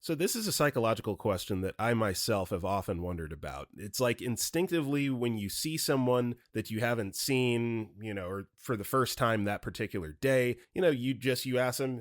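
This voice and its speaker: Male story reader, lively swooping delivery, dry close mic, reads and comments. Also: medium pitch, moderate pace, few pauses, no room sound. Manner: expressive, animated reading. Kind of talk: reading online stories aloud with commentary.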